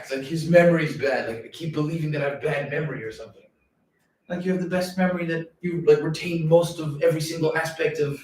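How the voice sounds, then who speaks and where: A man talking in a long, rambling monologue, animated and swearing freely, often slipping into quoted voices. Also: fairly high pitch. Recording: very echoey room, mic at a distance, faint noise.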